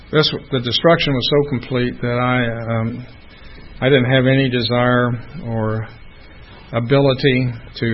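A middle-aged man recounts his own story to an audience. He speaks haltingly and earnestly, with pauses and restarts, in a mid-range voice. The audio is a little dull, with faint noise underneath. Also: mid-range voice. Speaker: former airline captain telling his story. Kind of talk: personal testimony talk.

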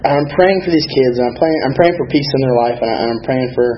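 Fast-talking man with a lilt. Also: mid-range voice, lo-fi sound, slight background noise. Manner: candid, rambling, self-deprecating. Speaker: speaker sharing recovery story at a meeting. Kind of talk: personal recovery testimony.

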